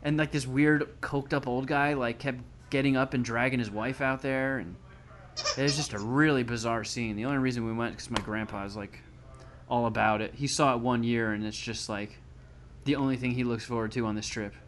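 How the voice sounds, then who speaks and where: A man's voice: mid-range voice, steady tone, fairly quick, a bit bright. A man with an ordinary mid-range voice runs through a story in casual chat. He swears freely and mocks everyone he describes, dry and sarcastic. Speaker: podcast guest telling a story.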